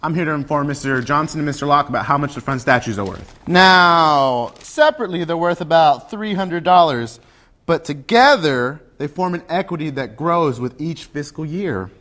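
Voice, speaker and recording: Earnest cemetery keeper, slightly high voice, played by a man. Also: animated, normal speed, fairly bright tone. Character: earnest male cemetery caretaker.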